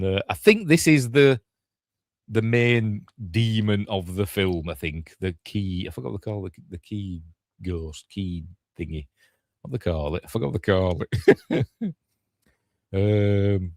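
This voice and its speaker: Older yorkshire bloke, deep low voice, chatty film recap, keeps correcting himself, dry sound. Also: male voice, lively intonation, unhurried, darkish tone, dry recording. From Yorkshire, England. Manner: rambling, self-correcting, chatty asides. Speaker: film reviewer. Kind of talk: casual film breakdown commentary.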